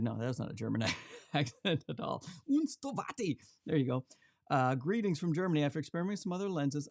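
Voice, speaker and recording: A man's voice: on the high side, dry recording. Guy doing a casual camera livestream, jokey, dry close mic. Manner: chatty, joking, reads out viewer comments. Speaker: camera channel host. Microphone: XLR shotgun mic.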